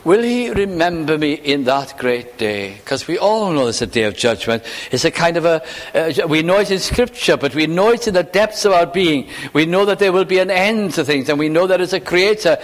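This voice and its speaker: A man preaching a sermon, slow and emphatic, often dropping to hushed, falling phrases. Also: a little high, lively intonation. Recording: long hall reverb.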